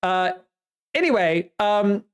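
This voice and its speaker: A woman co-hosting a casual book-discussion podcast, recapping the plot at length in a lively way. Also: medium pitch, takes it slowly, clean tone. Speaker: podcast co-host.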